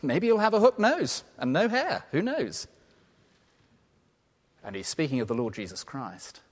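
A man from England preaching a sermon, lively and humorous, then dropping to quiet, earnest tones. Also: a little high, unhurried. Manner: animated, playful asides and laughter, drops to quiet earnest tones. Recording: long reverb of a large hall.

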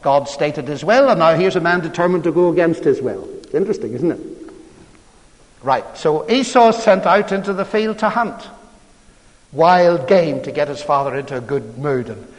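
A man preaches a storytelling sermon in a chatty, conversational way. He keeps tossing rhetorical questions to his listeners. His voice sits fairly high, and a long reverb from the church hall trails behind it. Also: lively intonation, moderate pace.

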